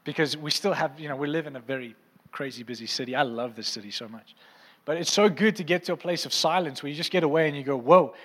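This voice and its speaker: A man's voice: a little high, quick pace, a bit bright, big-room sound. A male preacher giving a conversational sermon who keeps checking in with the congregation. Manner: conversational, asks the crowd often. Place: church hall.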